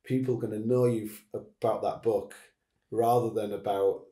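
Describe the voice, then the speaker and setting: A man's voice: fairly low pitch, steady tone, moderate pace, warm tone, reverberant. A man hosting a casual chat, rambling and restarting his sentences. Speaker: podcast host.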